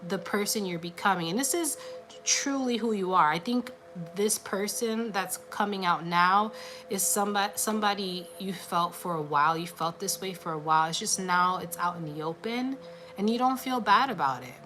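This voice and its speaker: A woman's voice: on the low side, moderate pace, bright, forceful tone, a little hiss or hum. A woman giving a casual, encouraging tarot reading on a livestream, chatty and full of filler "like"s. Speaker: tarot card reader.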